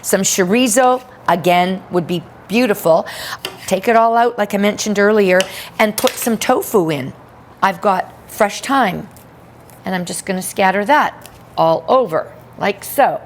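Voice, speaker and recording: A woman's voice: mid-range voice, measured pace, slight background noise. A woman giving an upbeat cooking demonstration in a kitchen, chatting with playful asides.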